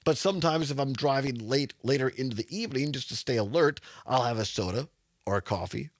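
A man's voice: mid-range voice, fairly quick, dry recording, studio quality. A man hosting a radio talk show, chatty and rambling, laughing often. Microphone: studio microphone.

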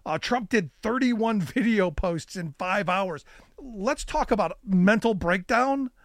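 A man co-hosting a political talk chat, sarcastic and animated, often repeating words as he starts a thought. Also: sits high, slow, no echo, clean studio sound. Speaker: podcast co-host.

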